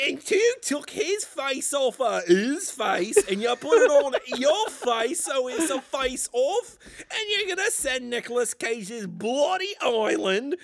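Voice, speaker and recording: A man putting on a cheeky young British boy with a put-on British accent, ranting in an improvised comedy bit. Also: full character voice. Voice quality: high, squeaky, gravelly voice. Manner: shouty, bloody-this and oi, ranting.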